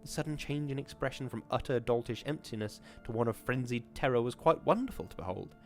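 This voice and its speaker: A man's voice: mid-range voice, animated, soft background music. Man narrating a horror story. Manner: measured, period-formal narration. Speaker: podcast host reading a story. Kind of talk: reading a horror short story aloud.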